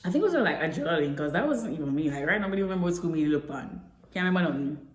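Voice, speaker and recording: Chatty young Jamaican woman, low voice. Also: animated, rapid-fire. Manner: chatty, slips between English and Patois. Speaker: vlogger. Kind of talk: casual storytelling to camera. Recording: echoey room.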